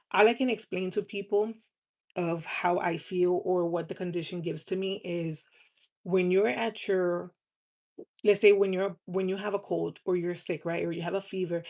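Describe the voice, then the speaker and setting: A woman chatting on a live stream in a lowish voice. She speaks with earnest, heartfelt feeling and keeps her tone fairly even, often repeating words to drive a point home. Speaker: live streamer selling cosmetics. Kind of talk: casual live-stream chat.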